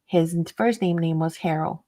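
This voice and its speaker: A woman's voice: sits low, normal speed, warm tone. A woman hosting a casual craft livestream, chatting and laughing often and greeting viewers by name.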